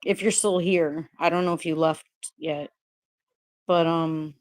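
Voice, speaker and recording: The livestream host here is a woman whose low voice is steady and a little slow. Upset and frustrated, she rambles hesitantly, greets viewers by name, keeps restarting her sentences and swears.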